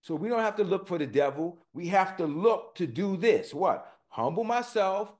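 A man's voice: expressive, a little mellow. Man preaching a sermon, folksy and rising. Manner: reads scripture slowly, then rises in pitch and force as he explains; informal, folksy phrasing.

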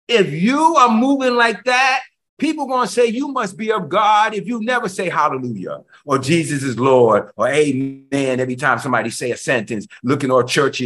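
A man preaching an energetic sermon, talking fast, excited, and repeating words for emphasis. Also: on the high side.

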